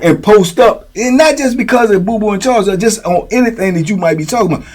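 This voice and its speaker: A man with a somewhat high voice tells prison stories in a loose, casual monologue. He talks in street slang and keeps checking in with his listeners as he goes. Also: a little mellow. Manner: streetwise slang, frequent "you know what I'm saying". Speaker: host telling prison stories.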